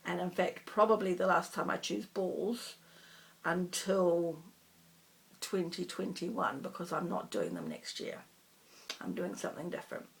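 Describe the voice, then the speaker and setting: Chatty woman with a gravelly voice. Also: fairly low pitch, animated, measured pace. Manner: chatty, rambling, self-deprecating. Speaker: cross-stitch vlogger. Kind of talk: casual chat.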